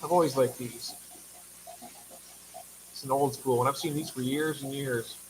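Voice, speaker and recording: A man's voice: mid-range voice, steady tone, measured pace, slight background noise, poor audio. A man hosting a casual livestream, chatty and affectionate, reading viewer comments aloud and sounding tired. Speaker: livestream host.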